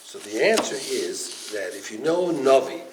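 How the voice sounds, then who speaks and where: A man teaching a Torah class as a rabbi, animated and storytelling, acting out the figures in his stories. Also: mid-range voice, unhurried, background noise. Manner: animated, acts out the stories in quoted voices.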